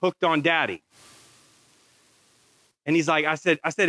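A middle-aged man preaching a sermon built around a personal story. His voice is bright and forceful and sits a little high. He tells it in a folksy, storytelling way, acting out the dialogue himself. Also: steady tone, unhurried, no echo, rough recording. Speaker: pastor.

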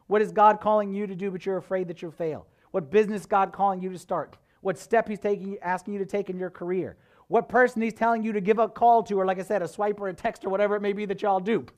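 A man, a priest, preaching a sermon as a conversational, animated story full of casual fillers. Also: sits high, quick pace.

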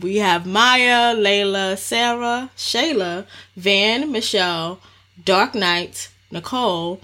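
A woman co-hosting a podcast in casual chat, upbeat and quick to laugh, reading out supporter names. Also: medium pitch, pushed and bright. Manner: upbeat, laughs often, reads listener names. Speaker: podcast co-host.

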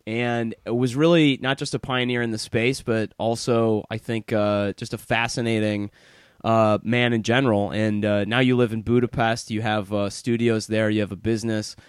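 A man's voice: lowish voice, little pitch movement, moderate pace, clear, resonant tone, no room sound, clean studio sound. A man hosting a podcast, chatting casually and laughing often as he introduces his guest. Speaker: podcast host. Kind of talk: casual interview chat.

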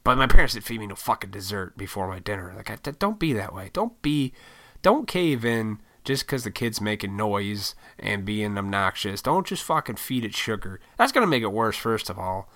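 A man's voice: on the low side, sing-song, normal speed, fairly bright tone. A young adult man ranting bluntly in casual talk, swearing often. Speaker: solo talker. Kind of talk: casual rant.

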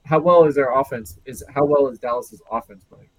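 A man with a mid-pitched voice co-hosts a casual live sports chat. He sounds relaxed and chimes in with short questions. The sound is dry and close. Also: fairly quick, dry recording, rough recording. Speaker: sports show co-host.

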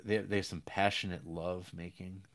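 A man casually recapping a film's plot with rambling fillers and restarts, jumping up in pitch when he acts out characters' lines. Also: flat delivery, normal speed, fairly bright tone.

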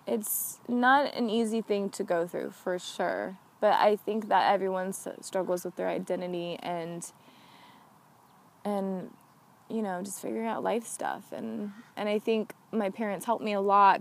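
A woman's voice: mid-range voice, gravelly. A young woman hosting her own podcast, talking casually and earnestly with lots of "like" as filler. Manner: chatty, earnest, heavy use of "like". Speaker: podcast host. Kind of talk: casual solo podcast talk.

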